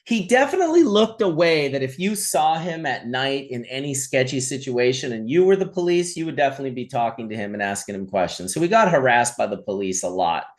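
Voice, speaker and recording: A man in his forties, the host, telling stories in casual chat, animated and swearing freely. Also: mid-range voice, fairly quick, few pauses. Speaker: podcast host.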